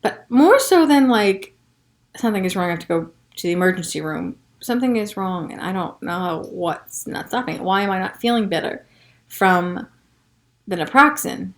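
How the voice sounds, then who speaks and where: A woman hosting a podcast, telling a personal story in a frank, profane way, moving from hushed recounting to heated frustration. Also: mid-range voice, animated, moderate pace. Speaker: podcast host.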